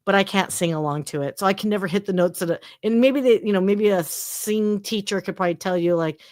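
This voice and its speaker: A woman co-hosting a casual podcast, talking in a chatty, animated way with lots of fillers. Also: medium pitch, brisk, dry recording, studio quality. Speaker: podcast co-host. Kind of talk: casual chat.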